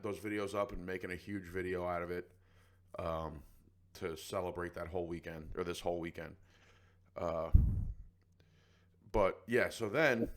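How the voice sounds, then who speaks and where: A man co-hosting a podcast, telling a story in casual chat and acting out other people's voices. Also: sits low. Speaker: podcast co-host.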